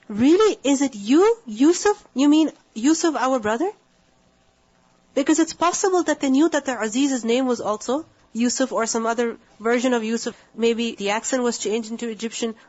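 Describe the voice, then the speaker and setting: A woman giving a measured, explanatory Quran lesson, reciting Arabic verses and explaining them. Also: a little high, darkish tone. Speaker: Quran teacher. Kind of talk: tafsir lecture. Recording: dull lo-fi lecture recording.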